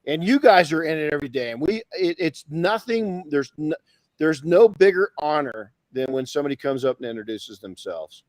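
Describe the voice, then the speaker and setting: An enthusiastic man hosts a podcast in relaxed conversation, often repeating words and tossing in "man." His voice sits a little high. The sound is dry and close, with no room around it. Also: normal speed, no echo, low-quality recording. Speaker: podcast host. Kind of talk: casual chat.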